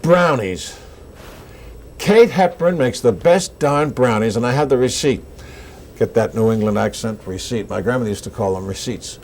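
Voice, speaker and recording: An older man chatting in an interview, his pitch swinging lively up and down as he tells his stories. He acts out the voices of people he met, at a middle pitch. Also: moderate pace, a little hiss or hum. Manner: animated anecdotes with acted-out quotes. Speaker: actor being interviewed. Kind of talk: casual interview storytelling.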